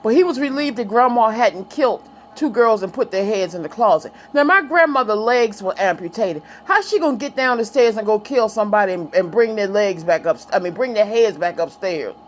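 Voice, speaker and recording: A woman's voice: medium pitch, animated, brisk, hardly any pauses, slight background noise. A middle-aged woman vlogging in a casual, chatty way, telling stories, laughing often and talking to her viewers and a child. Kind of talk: casual chat, reminiscing.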